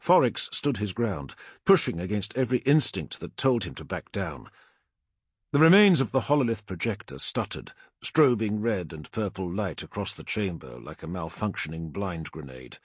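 Husky man narrating an audiobook. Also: sits low, very animated, normal speed, dry recording, studio quality. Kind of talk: scripted narration.

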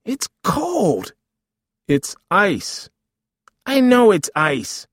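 A man reading aloud voices an ill, weary middle-aged mother who answers in short, flat replies. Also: mid-range voice, slow pace, slightly rough, dry recording, studio quality, voice pushed up, heavily acted. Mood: irritated. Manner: terse, flat-spoken replies.

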